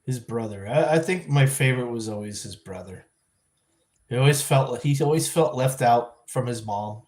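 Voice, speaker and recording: A man hosts a casual livestream and talks at an ordinary, middle pitch. He rambles and thinks out loud, often restarting his sentences and correcting himself as he goes. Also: normal speed. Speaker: livestream vlog host. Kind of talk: casual live-stream chat.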